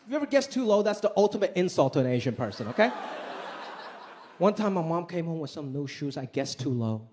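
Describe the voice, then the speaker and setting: A high-voiced man in his thirties works a stand-up set into a handheld mic, animated and quick to slip into exaggerated voices for his family. The live show is recorded with plenty of audience noise underneath. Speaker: stand-up comedian. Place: large theater stage with live audience.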